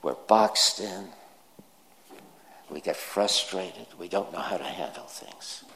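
A man's voice: low voice, slow, pushed and bright, slight background noise. A man preaching a sermon, telling jokes and stories and acting out the quoted lines. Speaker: pastor. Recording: reverberant hall.

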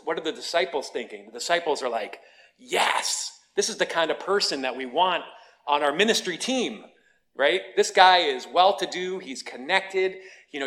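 A man's voice: medium pitch, a bit bright. Conversational male pastor telling a story. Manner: storytelling, conversational, self-deprecating. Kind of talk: sermon.

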